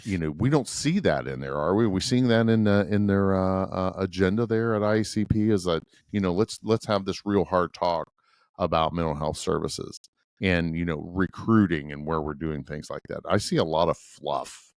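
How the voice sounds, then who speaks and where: Low-pitched man, emphatic podcast co-host, dry close sound. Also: normal speed, darkish tone, dry recording. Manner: emphatic, scornful of academics. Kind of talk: casual podcast chat.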